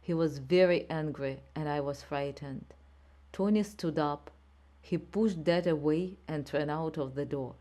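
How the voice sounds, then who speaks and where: Slow, low-voiced woman narrator. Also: mellow. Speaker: audiobook narrator. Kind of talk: slow scripted narration for learners.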